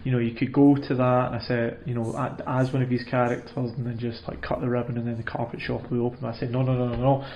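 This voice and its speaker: Rambling deadpan man, roomy muffled sound. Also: medium pitch, quick pace, few pauses, slight background noise. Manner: rambling, hesitant, full of restarts and fillers. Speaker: comedian. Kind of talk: deadpan comedic monologue.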